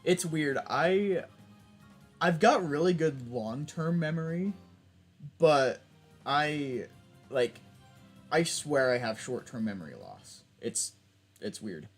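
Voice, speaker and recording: A man's voice: fairly high pitch, very animated, slow, pauses often, breathy edge, soft background music. A young man chatting casually while playing a video game, rambling and restarting his sentences. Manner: rambling, self-interrupting, laughs often. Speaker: gaming YouTuber. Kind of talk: casual let's play chat.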